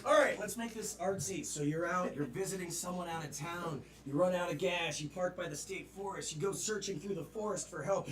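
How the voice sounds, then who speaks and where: A man's voice: sits high, a little fast, few pauses. A man hosting a live improv comedy show on stage, chatty and playful. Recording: echoey stage from a distance with crowd. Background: audience.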